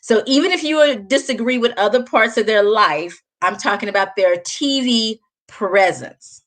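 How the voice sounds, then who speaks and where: A woman's voice: on the high side, expressive, normal speed, a bit bright. A woman with a Southern US accent hosting a casual live chat, talking straight to her viewers and laughing often. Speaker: livestream host.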